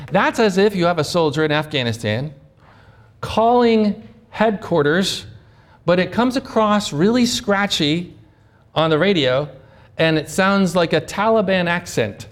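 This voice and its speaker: High-voiced male pastor preaching. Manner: rhetorical questions, acts out prayers. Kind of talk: sermon.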